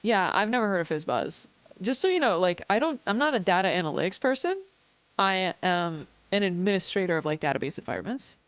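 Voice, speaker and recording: A woman's voice: medium pitch, very animated, fairly quick, dry recording. A woman in a casual live stream, rambling through stories, swearing freely and reading chat aloud. Her voice sits in a middle range and sounds dry and close. The recording is a little dull. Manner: chatty, swears often, reads chat aloud, acts out customers.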